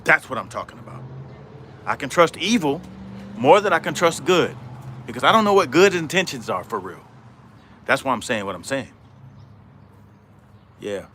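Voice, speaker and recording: Bright-voiced man rambling on a livestream. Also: mid-range voice, very animated, normal speed, long pauses, slight background noise. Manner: rambling, repetitive, greets chat viewers. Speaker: livestream host. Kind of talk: casual livestream talk. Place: outdoors in middle Georgia.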